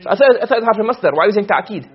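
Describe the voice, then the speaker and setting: A man teaching a class, lecturing quickly and often checking with his students. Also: high-pitched, animated, breathy edge, muffled recording. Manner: quick, questioning students often, mixing Arabic terms. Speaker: teacher of Arabic rhetoric.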